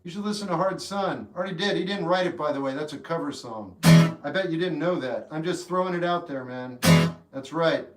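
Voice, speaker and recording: Deadpan man, echoey room. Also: on the high side, a little fast. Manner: deadpan, laconic short answers. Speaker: livestream host answering chat. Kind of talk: casual chat. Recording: echoey room with guitar behind.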